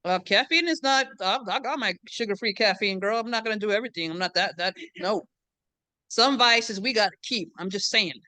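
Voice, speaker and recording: Woman host from the border, chatty and teasing, crisp bright voice, dry close sound. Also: medium pitch, brisk, no echo. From US-Mexico border region. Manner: chatty, joking, mixes in Spanish. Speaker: event host and professor. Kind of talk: casual chat hosting a book event. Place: classroom or event room.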